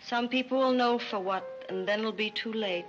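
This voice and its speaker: Woman as petulant young heiress, melodramatic, higher pitch, vintage muffled soundtrack with music. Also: steady tone, a little fast, close to an everyday voice. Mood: sulky. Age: young adult. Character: spoiled, lovesick young heiress. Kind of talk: 1930s screwball film acting.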